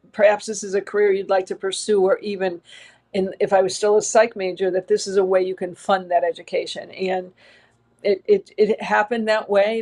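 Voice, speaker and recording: A middle-aged woman speaks in a middle register as an interview guest. She reflects earnestly on her own path in long, winding sentences. Her tone is sincere and unhurried. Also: mid-range voice, darkish tone. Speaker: interview guest, education leader. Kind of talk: reflective personal storytelling in an interview.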